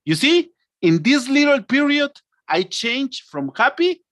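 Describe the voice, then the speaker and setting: Animated male English teacher, slow deliberate delivery. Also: high voice, dry recording. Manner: animated, acts out emotions, stretches words slowly. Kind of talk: online English lesson.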